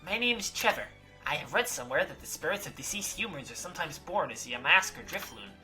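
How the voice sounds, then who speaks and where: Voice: medium pitch, animated, fast talker, bright, forceful tone, faint music behind. A gamer voicing a curious, polite young male student asking a question. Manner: polite, inquisitive.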